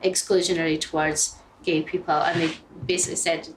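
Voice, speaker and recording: A woman's voice: low voice, level tone, brisk, background noise. A woman in an interview, speaking earnestly and hesitantly. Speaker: mother interviewed.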